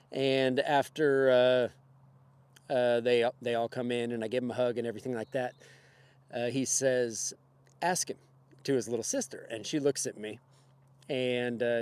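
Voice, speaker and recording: A man's voice: medium pitch, a little mellow. A man casually telling a personal story on a livestream in a rambling, conversational way with many fillers and chuckles. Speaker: livestream host.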